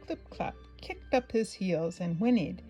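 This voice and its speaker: A woman reading a children's picture book aloud in a gentle, expressive way, pausing for asides to the young listener. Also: on the low side, faint music behind, poor audio. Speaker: storybook reader.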